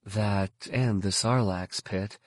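A man voicing a commanding older woman, a Jedi mother, speaking slowly, blunt and firm. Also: fairly low pitch, steady tone, no room sound, studio quality. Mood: wry.

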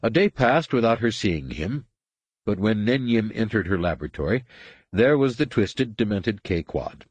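Deep, husky male audiobook narrator. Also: very animated, moderate pace, dry recording. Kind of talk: scripted narration.

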